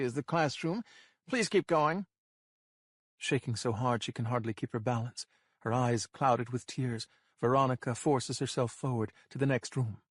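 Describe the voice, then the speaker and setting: Male narrator for a suspense audiobook; even, tense delivery, dry close recording. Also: medium pitch, no room sound.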